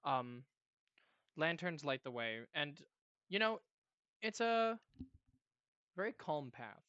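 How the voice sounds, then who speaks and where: A man running a tabletop game as game master, narrating in a relaxed, rambling way with fillers. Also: on the high side, slow pace, clear, resonant tone, no room sound, muffled recording.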